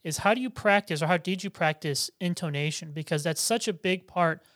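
A man's voice: fairly high pitch, fairly quick, a bit bright, no room sound, studio quality. A man interviewing a guitarist, asking his questions in an easygoing, chatty way.

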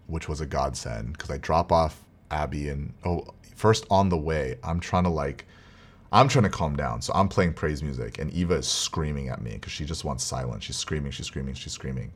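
A man's voice: rumbling low, normal speed. A man telling a personal family story in a casual, rambling, earnest way. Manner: rambling, earnest, with restarts and quiet laughs. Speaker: vlogger, father.

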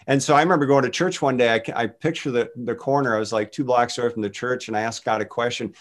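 A man speaking as a guest minister in a casual faith conversation, telling stories in an animated way and voicing quotes. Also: medium pitch, quick pace. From United States. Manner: animated storytelling with voiced quotes.

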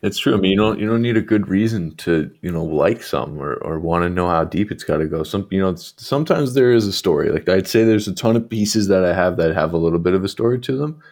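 Deep-voiced laid-back man, casual chat. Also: animated, quick pace, hardly any pauses, a little mellow. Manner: laid-back, lots of filler, swears casually. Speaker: guest artist.

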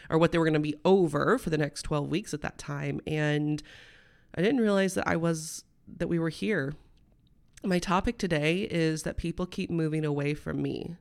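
Chatty woman host, smooth voice. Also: low voice. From Midwestern United States. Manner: chatty and rambling, full of "um" and "like", laughing mid-sentence; candid and heartfelt, turning emotional. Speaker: podcast host. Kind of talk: personal storytelling podcast.

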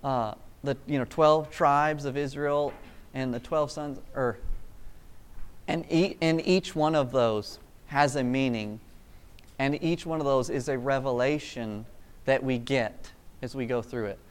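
A man preaching a casual, energetic sermon in a rambling, self-amused way. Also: mid-range voice, a little slow, clear, resonant tone. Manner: energetic, rambling, laughs at himself.

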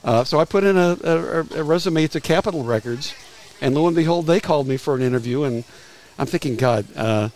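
A man's voice: on the high side, a little mellow, low-quality recording. A man in his sixties, a retired music publicist, telling anecdotes as a guest in a casual interview and often stumbling over repeated words. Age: 60s. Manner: halting, restarts phrases with frequent repeated words.

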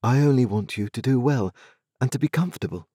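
A man voicing a gentle, quiet, kindly young woman in a storybook reading, speaking softly and mildly. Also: mid-range voice, a little fast, breathy edge, no echo, clean studio sound, pitched above the performer's own voice, close to an everyday voice. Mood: gentle, sorrowful. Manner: soft, mild, sorrowful. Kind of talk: audiobook character reading.

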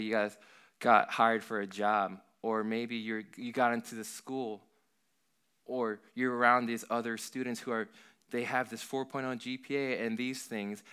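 Earnest young man with a bright, clear voice. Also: medium pitch. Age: young adult. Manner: earnest, rambling, heavy use of "like". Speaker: worship leader giving a talk. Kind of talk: casual youth sermon.

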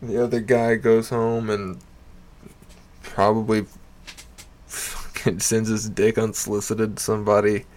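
A fairly low-pitched man, speaking a little slowly with frequent pauses, rambles casually through a bar story. The amateur stand-up comic curses often, fills his speech with "you know" and "like," and laughs animatedly while he tells it.

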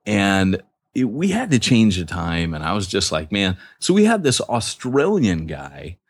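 Low-voiced male podcast co-host, rambling joker, dry close mic. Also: huge pitch swings, unhurried, no echo. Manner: joking, rambling storyteller. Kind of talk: casual banter.

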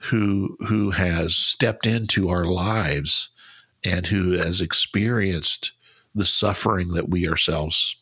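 A man's voice: low voice, slow pace, bright, forceful tone, breathy edge, no echo. A man co-hosting a Bible study podcast, talking earnestly in casual chat and often repeating and restarting his words. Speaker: podcast co-host.

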